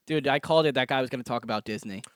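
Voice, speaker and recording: A young man co-hosting a podcast, joking and laughing often in relaxed casual banter. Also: mid-range voice, fast talker, dry recording, studio quality. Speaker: podcast co-host, regular comedian. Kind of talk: casual chat.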